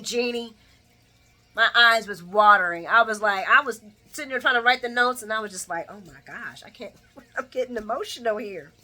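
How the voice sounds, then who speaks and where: A woman giving a chatty daily soap opera recap, talking straight to her viewers and talking back at the characters. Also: medium pitch. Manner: expressive, talks back at characters, laughs often; chatty, addresses viewers directly. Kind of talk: casual daily recap commentary.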